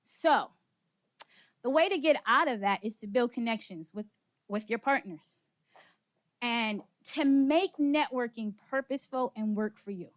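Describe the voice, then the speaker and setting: Energetic woman working a conference crowd. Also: a little high, a little slow. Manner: energetic, engages audience with questions and laughs. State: slightly out of breath. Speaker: speaker leading a workshop session. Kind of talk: interactive motivational talk. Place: conference room with live audience.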